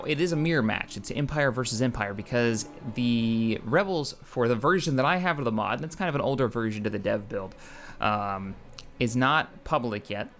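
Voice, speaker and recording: A man hosting casual gameplay commentary, excitable and rambling, often correcting himself mid-sentence. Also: medium pitch. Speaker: gaming channel host.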